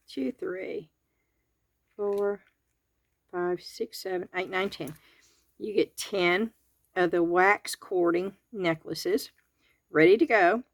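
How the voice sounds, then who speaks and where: Southern woman, low-ish voice, unhurried folksy crafting host, garage setting. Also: dry recording. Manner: chatty, homespun, counts items aloud. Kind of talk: real-time product review and tutorial. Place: home garage.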